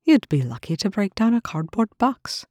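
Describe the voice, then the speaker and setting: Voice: mid-range voice, big pitch swings, moderate pace, a little mellow, dry recording, voice pushed up. A reader voicing a dry-witted, haughty male mathematician who talks in cutting, sardonic remarks, often in a harsh whisper.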